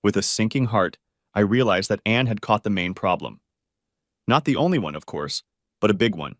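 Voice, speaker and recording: A man's voice: on the low side, expressive, normal speed, a bit bright, no echo. Man, audiobook narrator, dramatic storytelling, dry close recording. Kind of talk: first-person story narration.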